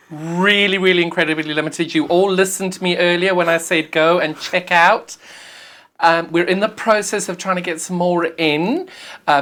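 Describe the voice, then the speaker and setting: A woman's voice: fairly low pitch, fairly bright tone. A woman with a South African accent presenting live on a sewing shopping channel, gushing and urging viewers to buy. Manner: gushing, enthusiastic, urgent selling.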